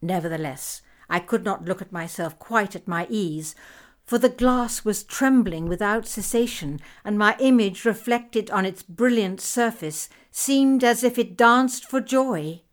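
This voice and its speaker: A woman reading a story told in letters aloud, expressive and measured. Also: mid-range voice. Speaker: audiobook reader. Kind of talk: scripted narration of letters.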